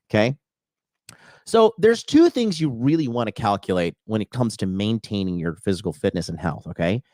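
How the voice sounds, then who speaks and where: A man coaching on dating and fitness in a blunt, profane podcast monologue, now and then mocking others in a high put-on voice. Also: lively intonation, fast, a little mellow, no echo, studio quality.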